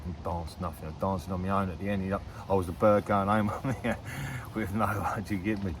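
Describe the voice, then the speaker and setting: A man's voice: deep voice, fairly even intonation, a little fast, background noise. A man chatting casually to camera while fishing outdoors by a lake, rambling, swearing freely and laughing often. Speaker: angler vlogger.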